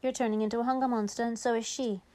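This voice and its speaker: A woman's voice: on the high side, fairly even intonation, very fast, warm tone, close to an everyday voice. A woman voicing a patient but firm mother in a bedtime story, scolding in a matter-of-fact way.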